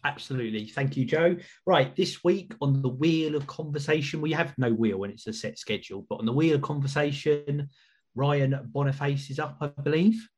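Casual male podcast host, slightly husky, rambly and warm-paced. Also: on the high side, moderate pace. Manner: chatty, rambling with restarts.

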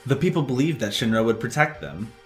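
A man voicing a cold, arrogant young company president who makes smug, slow speeches. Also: medium pitch, big pitch swings, soft background music, lightly acted.

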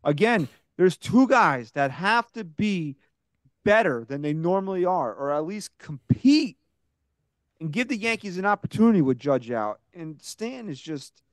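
A man hosting a sports podcast, ranting casually and profanely, getting loud and heated. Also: high-pitched, very animated, unhurried, no room sound. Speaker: podcast host.

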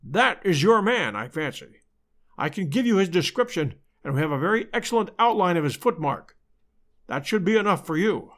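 A man reading aloud and voicing a calm, shrewd detective who speaks in a measured, precise way. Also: high voice. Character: calm, shrewd male detective, middle-aged, dry.

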